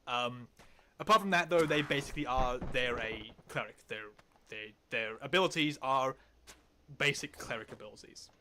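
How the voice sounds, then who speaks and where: A man's voice: mid-range voice, moderate pace, sharp tone, a little hiss or hum. A man co-hosting a casual podcast, enthusiastically explaining fantasy lore with many "like"s. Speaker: podcast co-host.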